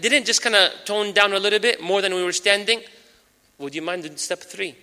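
Fast, bright-voiced preacher in a hall. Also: male voice, high-pitched. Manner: lively, addresses audience directly with Arabic phrases. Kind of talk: sermon. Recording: long hall reverb.

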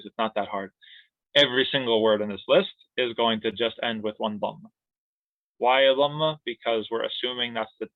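A man's voice: medium pitch, no room sound. A man teaches a grammar lesson in a playful, joking manner. His voice comes through a thin, phone-like line. The sound is dry, with no room around it. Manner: playful, jokey explanations with laughs and siren sounds. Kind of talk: online class lesson.

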